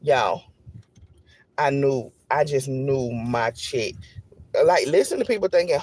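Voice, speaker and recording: A man content creator telling an animated, repetitive storytime straight to his viewers. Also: medium pitch, slow pace. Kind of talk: storytime vlog.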